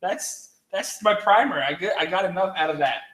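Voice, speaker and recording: A man co-hosting a casual chat, with dry, sarcastic, deadpan jabs. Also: sits high, normal speed, far from the mic. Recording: echoey room.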